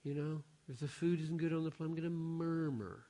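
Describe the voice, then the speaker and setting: A man preaching a sermon, swinging from hushed asides to loud, emphatic exclamations. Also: a little high, steady tone, brisk.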